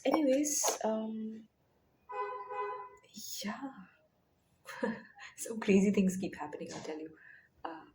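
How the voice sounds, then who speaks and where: Young woman, Indian accent, casual vlog chat, soft whispered asides, faint hiss behind. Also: on the low side. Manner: chatty, animated retelling with soft whispered asides. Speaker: vlogger; teacher.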